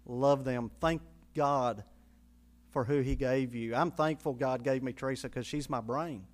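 A man's voice: mid-range voice, fairly even intonation, unhurried. A man preaching a sermon in a church, folksy and conversational, joking with the congregation and spelling out Greek words letter by letter. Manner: folksy preaching with call-and-response and humor. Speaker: pastor.

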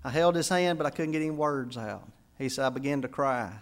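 A man, a pastor preaching a sermon, telling a story and building to emphatic peaks before dropping soft. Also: mid-range voice, a little fast.

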